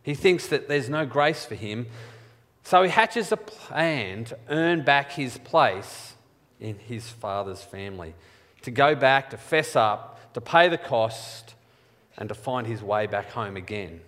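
Aussie guy preaching, chatty and a bit wry, mid pitch, long church reverb. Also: lively intonation, slow pace, a bit bright. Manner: conversational, storytelling, wry. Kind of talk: sermon.

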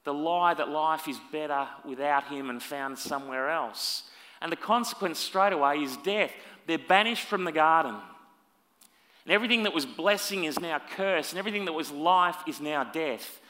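A man delivers a sermon in a reverberant hall, his voice bright and a little high. He leans hard into emphatic phrases, then pulls back to quiet, confiding remarks, and the long room echo trails after each line. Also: moderate pace. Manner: dramatic, swinging between loud emphasis and hushed asides. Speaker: preacher.

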